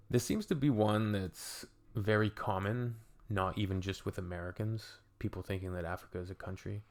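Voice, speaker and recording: A man from Canada hosting a reaction video, commenting in a casual, unhurried and musing way. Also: lowish voice.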